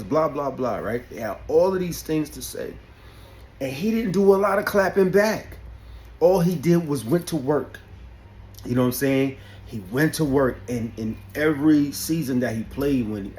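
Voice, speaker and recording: A man's voice: mid-range voice, slight background noise. A man from Albany giving an unscripted motivational talk, emphatic, often asking "you know what I'm saying". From Albany, New York. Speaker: barber and vlogger.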